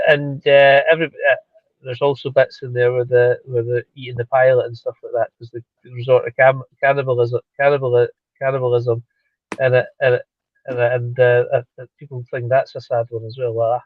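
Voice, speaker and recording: Middle-aged man, casual stream co-host, halting repetitive delivery, muffled and dry. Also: mid-range voice, no room sound. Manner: halting, many repeated words, chuckles. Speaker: livestream co-host. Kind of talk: casual chat. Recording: dull lo-fi call audio.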